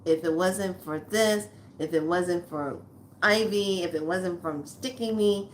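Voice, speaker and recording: A woman in her sixties with a fairly low voice talks straight to her viewers in a chatty, earthy way. She tells her story bluntly and calls them lovelies. A faint ambience sits under her voice. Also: a little slow, a little hiss or hum. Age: 60s. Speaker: spiritual vlogger. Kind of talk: casual storytelling to camera.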